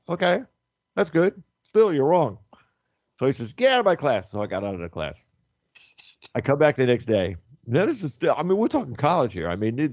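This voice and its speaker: A man talking loudly and animatedly on a radio show, telling stories and acting out what others said. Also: medium pitch, dry recording, highs cut off. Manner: loud, animated storyteller who acts out quotes. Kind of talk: casual radio chat.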